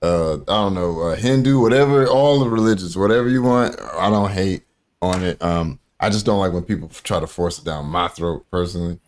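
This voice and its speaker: A man's voice: low-pitched, a little fast, a little hiss or hum. An American man hosting a casual commentary stream, telling stories animatedly with many fillers, acting out quoted voices and swearing freely. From United States.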